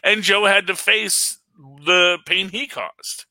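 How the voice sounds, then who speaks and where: A man's voice: high voice, steady tone, slow pace, sharp tone, no echo. A man hosting a casual podcast chat, rambling enthusiastically with frequent fillers and laughs. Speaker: podcast host reviewing a film.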